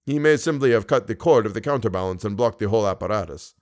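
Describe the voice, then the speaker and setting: A cautious Persian guide speaks with a Persian accent, low and hushed, weighing every word, as a male audiobook reader puts him on. His measured, grave delivery sits beneath the reader's usual voice. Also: expressive, lightly acted. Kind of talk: audiobook character reading.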